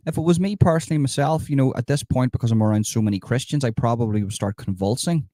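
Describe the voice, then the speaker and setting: A man giving sarcastic live commentary over video clips, mock-approving and breaking into excitable outbursts. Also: mid-range voice, fast talker, few pauses, dry recording, studio quality. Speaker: satirical commentator.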